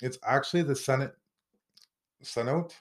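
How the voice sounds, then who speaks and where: A man from Canada trades jokes with his co-host in casual podcast banter. His pitch moves in lively swoops as he teases and mocks himself, and his voice sits in a middle register. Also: a little fast. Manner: joking, animated, self-mocking.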